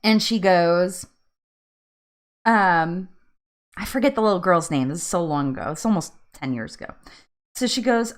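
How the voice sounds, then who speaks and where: A woman's voice: on the low side, expressive, normal speed. A woman from New Jersey hosting a casual live chat from home, chatty, laughing often and drifting off on tangents. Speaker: live stream host.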